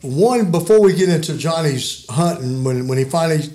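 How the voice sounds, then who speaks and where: A man's voice: on the high side, lively intonation, normal speed, dark tone. Older man spinning rambling hunting yarns. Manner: rambling, chuckling yarn-spinner. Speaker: guest storyteller. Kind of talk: folksy hunting stories.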